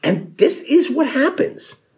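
A pastor delivers a sermon like a conversation, telling a story in an extremely high, slightly mellow voice that swings widely in pitch at a slow pace. He acts out the story's characters and laughs as he quotes them.

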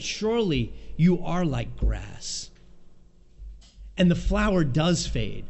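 A man's voice: sits high, animated, a little slow, vocal fry, darkish tone. A man preaching an expository sermon, reading scripture and acting out the voices of the Lord and Isaiah.

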